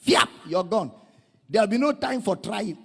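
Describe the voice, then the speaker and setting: A man's voice: sits high, normal speed, creaky, slightly rough. A man with a Nigerian accent preaching a dramatic sermon, calling out to his congregation. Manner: dramatic, animated, calls out to the congregation. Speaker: pastor. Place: church. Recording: echoey hall.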